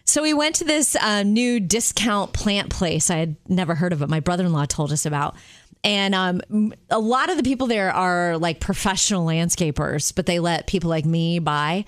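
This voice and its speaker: A woman's voice: on the low side, expressive, normal speed, no room sound, studio quality. A middle-aged woman co-hosting a radio show, telling a story in casual chat and acting out the voices of others. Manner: chatty storyteller, acts out quoted voices. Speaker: radio co-host.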